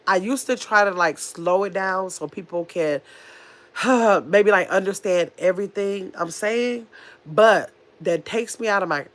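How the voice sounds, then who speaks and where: A woman in her fifties with a nasal voice, hosting a casual livestream, talking very fast and bluntly while reading chat comments. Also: on the low side, fairly bright tone. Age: 50s. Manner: talks very fast, blunt and chatty. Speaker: livestream host.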